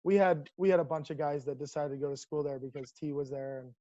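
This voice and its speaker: Guy coach swapping old stories, kinda high voice, dry dull call audio. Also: fast talker, dry recording. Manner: animated, lots of restarts and laughs. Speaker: guest, professional baseball coach. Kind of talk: casual storytelling.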